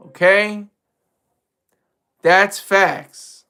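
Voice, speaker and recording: High bright-voiced man, animated chat. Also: normal speed. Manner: animated, repeats and restarts phrases. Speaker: streamer host. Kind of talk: casual live commentary.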